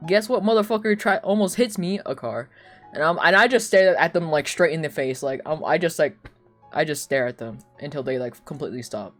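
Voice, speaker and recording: A young woman streamer telling casual stories, animated and laughing often, with lots of "like.". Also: sits low, fairly quick, soft background music. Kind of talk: casual storytelling chat.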